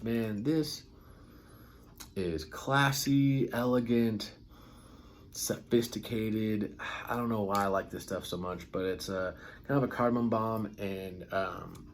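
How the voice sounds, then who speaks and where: Male fragrance reviewer, very low voice, casual and rambling, enthusiastic. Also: slight background noise. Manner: enthusiastic, rambling, lots of ums and filler words.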